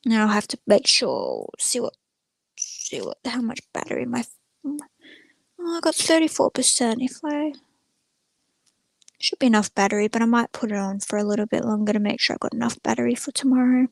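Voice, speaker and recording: A woman's voice: on the high side, sing-song, normal speed, gravelly, no room sound. A young woman chatting casually on a livestream, rambling and retelling stories with lots of "I'm like.". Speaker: streamer.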